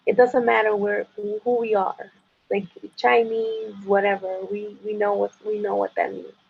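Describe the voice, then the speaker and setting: Gravelly-voiced woman on a dull lo-fi line. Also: medium pitch, little pitch movement, a little hiss or hum. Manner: teasing, halting with many restarts. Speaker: interview guest. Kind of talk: casual video chat. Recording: dull lo-fi sound.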